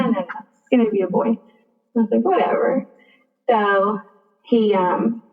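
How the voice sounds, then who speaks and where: A young woman tells a personal story over a thin, phone-like line. She talks in a chatty way, leans on "like", and acts out the back-and-forth of a conversation. Her voice sits at a middle pitch and sounds set back from the mic. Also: creaky, reverberant, far from the mic. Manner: chatty, frequent "like", acts out dialogue. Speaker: guest.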